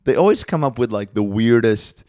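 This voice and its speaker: A man's voice: medium pitch, expressive, normal speed, a little mellow, clear, resonant tone, dry recording, studio quality. A young man co-hosting a podcast, telling stories in a rambling casual way with lots of fillers. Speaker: podcast co-host. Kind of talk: casual chat. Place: festival venue, on a couch.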